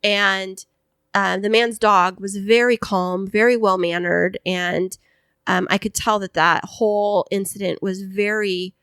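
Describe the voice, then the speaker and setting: A woman's voice: mid-range voice, fairly even intonation, measured pace, fairly bright tone, clear, resonant tone, no room sound, studio quality. A woman co-hosting a podcast, telling a story in a casual chat and acting out the voices of the people in it. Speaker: podcast co-host.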